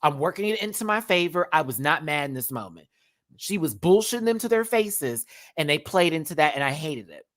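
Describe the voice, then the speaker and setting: A sassy man hosting a live review stream, his pitch jumping all over as he rants. He swears freely, drops into campy impressions of the people he talks about and reads out comments from the viewer chat. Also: big pitch swings, a little fast, fairly bright tone.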